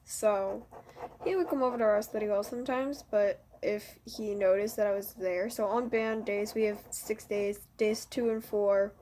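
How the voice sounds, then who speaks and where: With a mellow, mid-range voice, fairly even intonation, and normal speed, a teenage girl who vlogs as a student rambles through a school story. She fills it with "like" and "you know" and jokes at her own expense, over a little hiss or hum.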